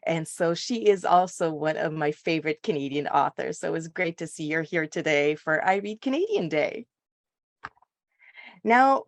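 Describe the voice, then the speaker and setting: A woman's voice: fairly low pitch, no room sound, clean studio sound. A woman co-hosting a livestream, speaking in a friendly, conversational way. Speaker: livestream co-host. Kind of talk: live hosting.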